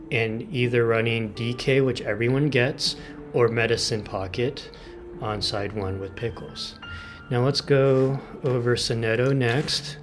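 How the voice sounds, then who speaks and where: A man hosting a gaming video, explaining team setups in casual commentary and exclaiming with enthusiasm over game details. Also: medium pitch.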